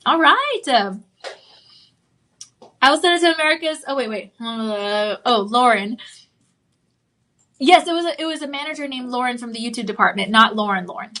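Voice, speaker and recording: Bright, chatty shopping-channel woman. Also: fairly high pitch, lively intonation, normal speed, pauses often. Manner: chatty and playful, keeps checking in with "okay?". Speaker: home shopping host. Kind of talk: live jewelry sales pitch.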